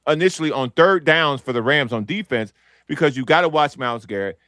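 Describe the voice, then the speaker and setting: A man's voice: a little high, sharp tone, no room sound, studio quality. A man on a casual sports talk podcast, arguing with hype and answering his own rhetorical questions.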